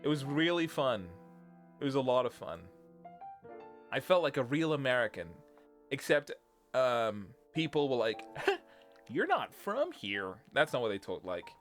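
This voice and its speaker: A man's voice: mid-range voice, animated, moderate pace, pauses often, faint music behind. A young British man, a streamer, rambling through a casual chat and laughing often. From Britain.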